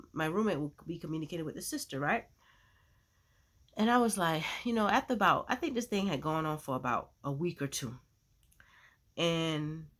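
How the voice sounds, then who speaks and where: A woman sharing a personal faith testimony as a vlogger, in a chatty, animated storytelling way with lots of "you know.". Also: sits low. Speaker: Christian vlogger.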